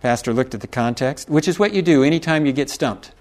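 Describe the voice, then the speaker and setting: A man's voice: mid-range voice, lively intonation, fairly quick. A middle-aged man preaching a sermon, telling a folksy story with chuckles and asides to the congregation. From Texas.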